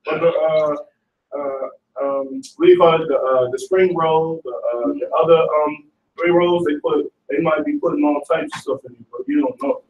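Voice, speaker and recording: A man's voice: on the high side, moderate pace, roomy sound, far from the mic, dull audio, slight background noise. A man student in a casual class discussion, rambling and stopping often to hunt for words. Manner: rambling, searches for words with many fillers.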